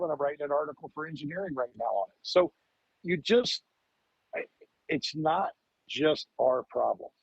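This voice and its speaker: A man's voice: on the high side, slightly rough, dry recording, dull audio. A man in his fifties, a fire lieutenant guest on a podcast, talking emphatically, repeating words and firing off rhetorical questions. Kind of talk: podcast interview.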